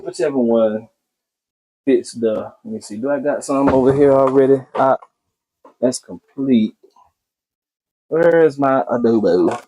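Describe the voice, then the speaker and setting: A man's voice: medium pitch, unhurried, long pauses, warm tone. A man hosting a casual cooking video, talking to viewers as he cooks and often repeating his phrases.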